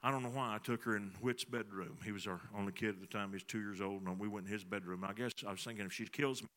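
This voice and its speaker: Bright-voiced preacher storytelling. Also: male voice, lowish voice, fairly even intonation, fast. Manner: storytelling, folksy, swings from soft confiding to emphatic. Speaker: pastor. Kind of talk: sermon.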